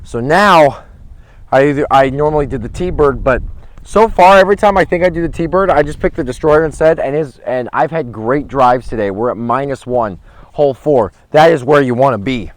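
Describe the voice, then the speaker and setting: A man's voice: mid-range voice, normal speed, no echo. Chatty man filming himself outdoors. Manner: chatty and rambling, with excited outbursts at throws. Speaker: vlogger. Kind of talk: casual commentary while playing. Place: outdoor disc golf course in a windy park. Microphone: handheld camera without a gimbal.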